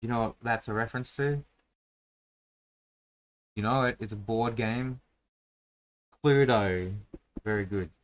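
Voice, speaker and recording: A man's voice: mid-range voice, a little slow, long pauses. A man hosting a casual chat, rambling with many fillers and restarts while he draws a map and rolls dice. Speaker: host drawing a dungeon map.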